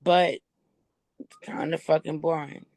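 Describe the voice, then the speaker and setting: Hoarse, gravelly woman speaking frankly. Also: low-pitched, steady tone, takes it slowly, darkish tone. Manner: frank, earnest. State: hoarse, voice strained from screaming. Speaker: caller on a sobriety call. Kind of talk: candid personal sharing.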